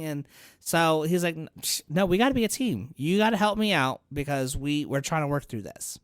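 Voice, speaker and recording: A man's voice: fairly high pitch, a little fast, no room sound. A man in his thirties chatting on a podcast, telling stories with big swings in his voice. He swears freely and sounds close and dry. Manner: animated storytelling, swears freely. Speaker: podcast guest. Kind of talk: casual podcast chat.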